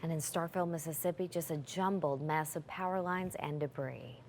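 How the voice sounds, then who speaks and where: A woman's voice: low voice, fairly even intonation, moderate pace, background noise. Female news anchor reading headlines.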